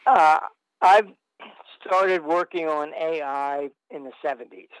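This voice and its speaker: Smooth-voiced rambling man. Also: on the high side, slow pace, dry recording, low-quality recording. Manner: rambling with frequent fillers and restarts. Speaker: interview guest. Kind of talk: long anecdotal storytelling.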